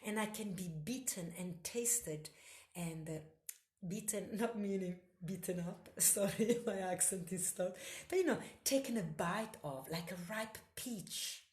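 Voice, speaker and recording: A woman host talks through a spiritual reflection at a very slow, deliberate pace, and her phrases repeat in an incantatory rhythm. Her voice sits in an ordinary middle pitch. The room gives it a noticeable echo. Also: darkish tone. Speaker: solo podcast host.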